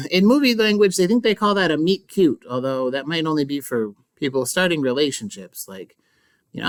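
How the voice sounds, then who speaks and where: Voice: medium pitch, lively intonation, moderate pace, no echo. A teacher giving a casual, chatty recap of a book chapter, full of asides and playful remarks. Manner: playful, mock-dramatic. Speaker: English teacher.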